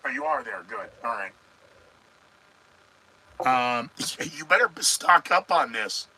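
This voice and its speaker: A man's voice: medium pitch, animated, slow pace, sharp tone, slight background noise, low-quality recording. Sarcastic rambling podcast host, man. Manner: sarcastic, rambling, talks back to viewers. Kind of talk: live news commentary podcast.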